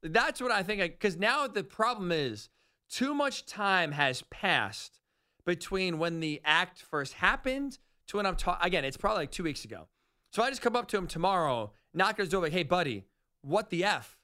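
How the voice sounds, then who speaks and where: A man hosting a sports talk radio show, rambling and animated, often correcting himself mid-sentence. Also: high voice, moderate pace, clear, resonant tone.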